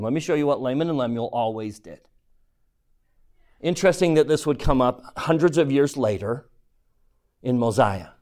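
A man's voice: medium pitch, a little mellow. A man teaching a scripture class, reading verses aloud and quizzing his listeners.

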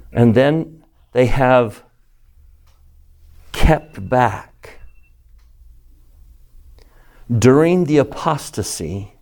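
A man's voice: mid-range voice, darkish tone. A man teaching a scripture class, who keeps asking his students questions and repeats key phrases for emphasis. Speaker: religion teacher.

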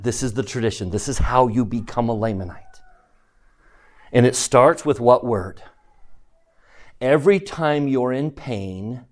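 Emphatic middle-aged man teaching scripture. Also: mid-range voice. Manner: animated, emphatic, asks the class questions. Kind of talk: scripture lesson lecture.

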